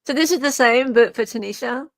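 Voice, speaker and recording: An Australian woman co-hosting a podcast, chatting casually with a teasing, quick-to-react manner. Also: on the high side. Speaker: podcast co-host. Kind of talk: casual chat.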